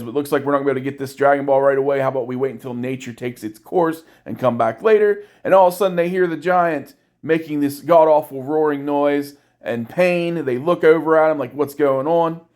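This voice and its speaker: A man giving a casual, irreverent episode recap, with crude jokes and quick voiced asides for the characters. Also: medium pitch. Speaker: anime reviewer.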